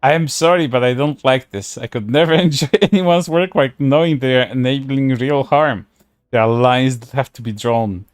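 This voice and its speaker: A man's voice: medium pitch, moderate pace, smooth, no echo, studio quality. A man streaming casual commentary, reading posts aloud in a sarcastic way, laughing and swearing often.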